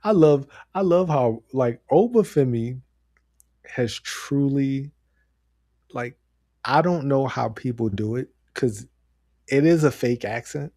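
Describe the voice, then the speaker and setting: A man co-hosting a podcast, talking casually and excitedly, rambling with frequent laughs. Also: medium pitch, takes it slowly, pauses often, dry recording, studio quality. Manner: animated, rambling, laughs often. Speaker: podcast co-host. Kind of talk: casual wrestling chat.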